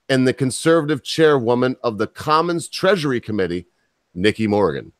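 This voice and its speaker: A man's voice: medium pitch, animated, moderate pace, dry recording. An American man hosting a podcast, reading news articles aloud and breaking off into blunt, mocking asides. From United States. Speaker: podcast host.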